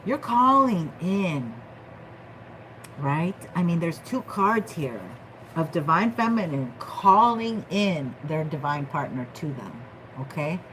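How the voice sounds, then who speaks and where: A woman's voice: low voice, expressive, takes it slowly, a bit bright, slight background noise, poor audio. A woman doing a casual tarot reading vlog, playful and slangy, joking with her viewers. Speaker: tarot reader.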